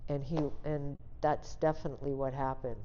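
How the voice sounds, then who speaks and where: A woman's voice: rumbling low, steady tone, moderate pace, dark tone, a little hiss or hum. A woman in her sixties from the Seattle area, telling her life story as an interview guest in a candid, plain-spoken way. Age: 60s. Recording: dull, lo-fi sound with long reverb.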